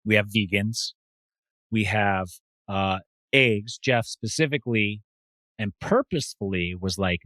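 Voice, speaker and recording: Easygoing male podcast host, low voice. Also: a little slow, no room sound. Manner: relaxed, agreeable, lots of "yeah". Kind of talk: casual chat.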